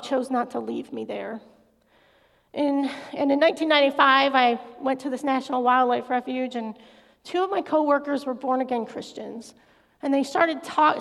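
A woman's voice: sits high, vocal fry. A middle-aged woman giving an earnest, confessional personal faith testimony as a guest speaker in a large hall. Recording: echoey hall reverb.

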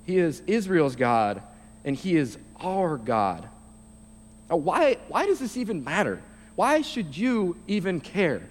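Young guy preaching in a church hall, kinda high voice, big echoey room. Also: big pitch swings, a little hiss or hum. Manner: reads scripture slowly, then explains in a halting casual way. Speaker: youth speaker. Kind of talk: sermon. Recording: long reverb of a large hall.

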